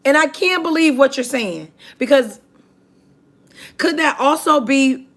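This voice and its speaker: A woman hosts a casual livestream and talks in an unhurried, drawn-out way. Her voice sits a little high, and she reads viewer comments aloud in a chatty, emphatic tone. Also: expressive, a bit bright. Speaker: livestream host.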